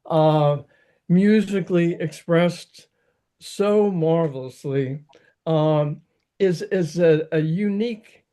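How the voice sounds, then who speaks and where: Man, opera talk, informal, rambling, slow, somewhat high voice. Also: warm tone. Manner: rambling, with frequent restarts and fillers. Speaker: opera lecturer.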